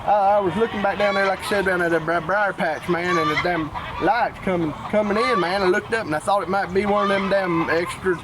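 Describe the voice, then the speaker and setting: A man's voice: sits high, a little fast, hardly any pauses, very noisy, lightly acted. A man playing a crude, bumbling rural husband who stammers and curses as he rambles. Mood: rambling.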